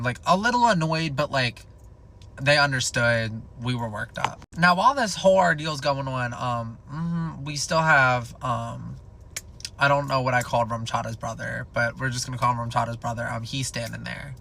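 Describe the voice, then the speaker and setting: A man's voice: medium pitch, moderate pace, a little hiss or hum. A young man telling a comedic storytime in a casual, rambling, profane way, packed with "like". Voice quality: gravelly fry. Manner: rambling, profane, animated, filled with "like".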